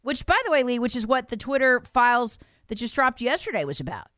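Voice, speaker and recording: Woman pundit, emphatic and scornful, smooth clear tone, close dry sound. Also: on the high side, very animated, brisk, a bit bright, dry recording. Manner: indignant, emphatic, mocks quoted officials. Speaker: political commentator. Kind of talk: political talk show commentary.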